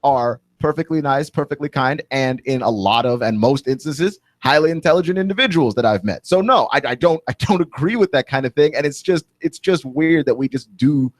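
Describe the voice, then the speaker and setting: A man's voice: on the high side, brisk, few pauses, dry recording. A man hosting a radio talk show, ranting with indignant, rising emphasis from a studio microphone.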